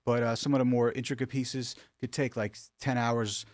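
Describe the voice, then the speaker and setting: A man telling stories in a casual, animated way, with many fillers and restarts, recorded in a studio. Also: mid-range voice, normal speed, dry recording. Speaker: rug artist guest. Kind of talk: casual storytelling.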